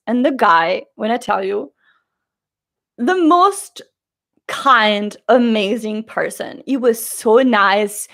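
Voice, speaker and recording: A woman vlogger telling a story in a chatty, animated way, acting out the people she quotes. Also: on the high side.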